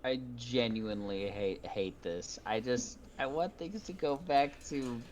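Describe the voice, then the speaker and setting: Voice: mid-range voice, a little slow, a little mellow. Blunt, swearing podcast co-host. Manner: blunt, swears a lot, vents angrily. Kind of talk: casual livestream chat.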